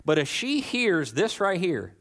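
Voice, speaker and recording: A pastor in his thirties, his voice sitting on the high side, preaches a sermon in a church. He keeps it loose and conversational, with joking asides and sentences he restarts as he goes. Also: sing-song, a little slow, a bit bright. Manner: conversational and playful, with humorous asides and frequent restarts.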